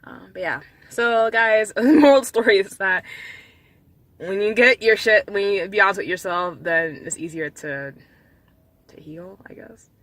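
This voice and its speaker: Bright-voiced rambling woman vlogger. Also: medium pitch, lively intonation, normal speed, dry recording, low-quality recording. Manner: rambling, many fillers and restarts. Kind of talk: casual vlog monologue.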